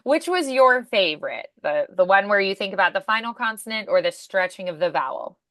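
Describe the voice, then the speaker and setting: A woman's voice: mid-range voice, expressive, a little fast, pushed and bright, dry recording. A woman coaching voice acting in an upbeat, encouraging way, with many fillers. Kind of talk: casual coaching.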